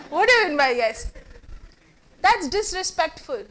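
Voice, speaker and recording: A woman with an Indian English accent, a communication trainer giving an energetic, theatrical workshop lecture and quizzing the students in the room. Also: very high-pitched, normal speed, long pauses, a faint crowd, a little hiss or hum. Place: classroom with a live student audience.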